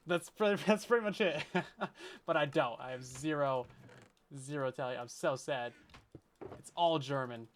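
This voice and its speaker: Chatty, jokey man with a higher voice. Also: normal speed, a bit bright. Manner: joking, self-deprecating, laughs often; rambling, chatty asides. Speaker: Minecraft streamer. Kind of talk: casual let's-play chat with viewers.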